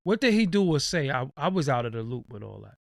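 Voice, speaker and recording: A man's voice: medium pitch, very animated, fast, gravelly, no room sound, studio quality. A man hosting a casual podcast chat, laid-back and agreeable. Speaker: host.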